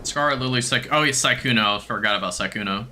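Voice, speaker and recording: A young man chatting casually on a game live stream, self-mocking and quick to laugh. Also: mid-range voice, bright, forceful tone, soft background music.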